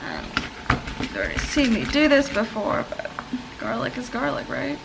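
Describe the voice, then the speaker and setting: A woman's voice: a little high, wildly swooping pitch, moderate pace, noisy background. Chatty young woman cooking over sizzle. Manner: chatty and self-mocking, laughs often. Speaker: home cooking vlogger. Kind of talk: casual cooking vlog chat. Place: home kitchen with frying pan. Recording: home kitchen with clear cooking sizzle. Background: sizzling and stirring from the pan.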